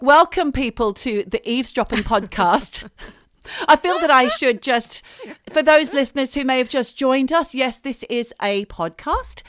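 A woman hosting a podcast in casual chat, playful and quick to joke. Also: medium pitch, no echo, clean studio sound. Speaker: podcast host. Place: Greater London, UK.

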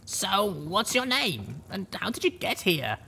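A man's voice: high voice, very animated, unhurried, bright, forceful tone, a little hiss or hum, voice pushed up, full character voice. A man voicing a wry, tough young mare. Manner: dry, wry complaining. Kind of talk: audiobook character voice.

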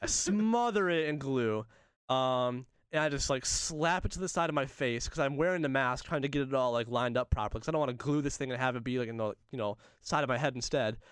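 A young man telling a funny story in casual chat, animated and laughing often, acting out the voices of the people in it. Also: mid-range voice, brisk, clear, resonant tone, no room sound, clean studio sound.

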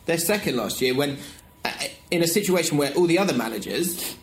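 A man with a Cockney accent co-hosting a football podcast in casual chat, animated and laughing often. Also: fairly high pitch, a little fast. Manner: animated, laughs often, does mocking voices in anecdotes. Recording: echoey room, faint background noise.

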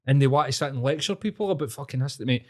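A Scottish man from Glasgow in his thirties, chatting on a podcast. He swears nonstop and works himself up into animated rants. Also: medium pitch, very fast. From Scotland. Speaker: podcast co-host. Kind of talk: casual sweary podcast chat.

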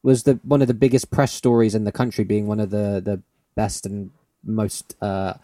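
A man co-hosts a podcast with a relaxed, mellow voice, recorded close in a dry room. He talks in an excitable, rambling way, laughing often and swearing freely. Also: lowish voice, moderate pace, no echo. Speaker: podcast co-host. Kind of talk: casual chat.

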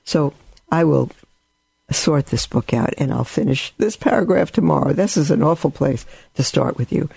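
A man's voice: on the high side, expressive, moderate pace, vocal fry, husky, no echo. A man giving a rambling spiritual talk, telling stories with asides. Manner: storytelling, warm and rambling with asides. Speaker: religious teacher.

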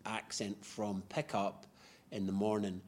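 A man's voice: fairly low pitch, little pitch movement, measured pace, darkish tone. A middle-aged man, an actor being interviewed, talking in a chatty, rambling way with many restarts. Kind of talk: casual interview chat.

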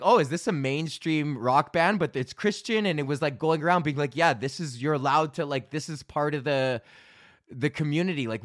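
A man in his thirties hosting a podcast, ranting casually and profanely, telling animated stories with lots of laughs. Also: a little high, dry recording, studio quality. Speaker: podcast host.

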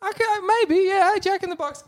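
A man co-hosting a comedy podcast, excitable and jumping in with quick reactions. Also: extremely high pitch. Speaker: podcast co-host.

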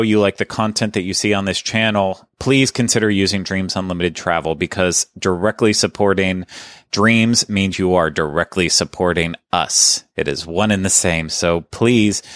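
A man with a fairly low voice hosts a podcast in a loose, chatty manner, often restarting his sentences. The sound is dry and close, with no room around it. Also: normal speed, a bit bright, dry recording. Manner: conversational, self-correcting, chatty. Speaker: podcast host. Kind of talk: casual podcast chat.

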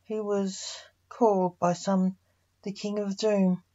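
A woman reading aloud her own story as its narrator, deliberate, with emphatic rises on key words. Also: medium pitch, flat delivery, warm tone, dull audio.

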